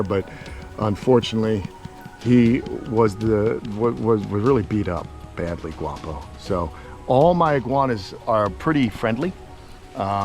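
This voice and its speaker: A man's voice: fairly low pitch, a little mellow. Chatty man giving an outdoor tour. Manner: chatty and enthusiastic, many fillers. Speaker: reptile sanctuary owner and host. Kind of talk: casual walking tour. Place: outdoor animal enclosures.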